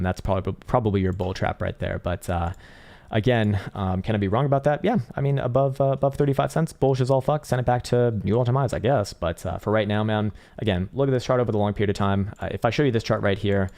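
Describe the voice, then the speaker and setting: Fairly low in pitch, a little mellow, and marked by vocal fry, this man's voice sounds strained and tired. He hosts a laid-back crypto chart livestream, rambling, cursing, and using lots of filler words.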